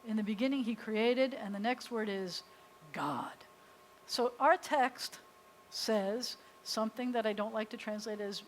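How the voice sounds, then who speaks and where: In a rough recording with slight background noise, an American woman rabbi with a medium-pitched voice teaches a beginners' Hebrew class live in a synagogue classroom. She explains patiently, one step at a time, and sounds out the letters.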